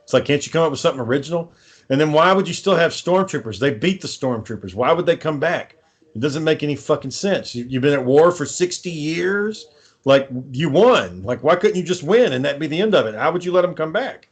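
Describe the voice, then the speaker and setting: Profane ranting man, slightly high voice. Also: animated, a little fast, husky. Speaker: podcast co-host. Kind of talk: casual chat.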